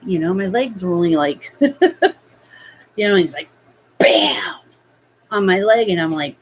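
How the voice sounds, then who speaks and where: Woman vlogger, low voice, slow halting storytelling, faint noise behind. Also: animated, low-quality recording. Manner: slow, hesitant, halting with fillers. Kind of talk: personal storytelling.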